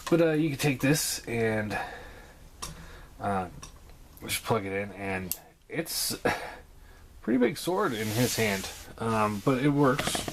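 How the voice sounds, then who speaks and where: A man casually reviewing a toy on a home vlog, talking in a hesitant, relaxed way full of ums and uhs. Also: lowish voice, takes it slowly, long pauses, a little hiss or hum.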